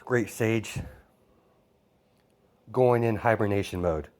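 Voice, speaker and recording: A man voicing a calm male AI assistant that reports in a flat, formal way. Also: on the low side, takes it slowly, a little hiss or hum.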